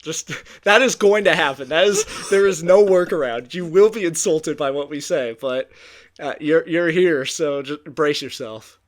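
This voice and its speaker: A man's voice: on the high side, normal speed. Rambling young man co-hosting a podcast. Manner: rambling, self-mocking, with restarts. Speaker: podcast co-host. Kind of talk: casual sports podcast chat.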